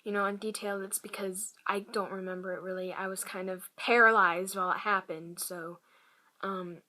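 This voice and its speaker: A woman vlogger telling a personal story to camera in a halting, hushed way, often dropping to a whisper. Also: medium pitch, fairly even intonation. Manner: many fillers and restarts.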